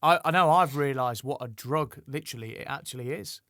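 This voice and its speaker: A man in his thirties hosting a podcast, chatty and quick to laugh, rambling happily through a story. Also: medium pitch, fairly bright tone, no room sound, clean studio sound. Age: 30s. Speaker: podcast host. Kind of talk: casual podcast chat.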